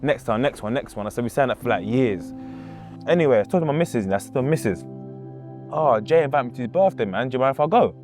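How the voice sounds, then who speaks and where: A man's voice: mid-range voice, animated, rapid-fire. A man tells a painful story from his own life in a casual, loose way. He acts out the people he quotes and keeps coming back to the same words. Faint music plays behind him. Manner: casual, acts out quoted voices, repeats himself. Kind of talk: emotional personal storytelling.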